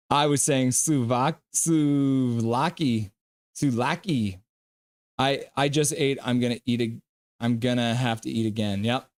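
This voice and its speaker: The host speaks slowly, with long pauses, in a medium-pitched voice. On his live stream he calls hockey play-by-play casually and reads chat, joking between plays.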